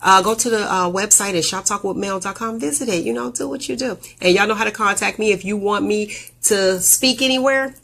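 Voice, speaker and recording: A woman hosting a casual live video show, telling stories with animated, jumpy delivery and big leaps in pitch on quoted lines. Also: brisk, vocal fry. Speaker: host.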